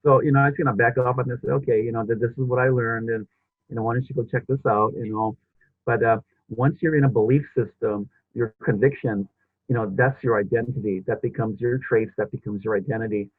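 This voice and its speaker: A man's voice: mid-range voice, fairly even intonation, fairly quick, dry recording. A male podcast host in casual interview chat, rambling with many restarts and fillers. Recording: husky voice over a tinny phone-like line.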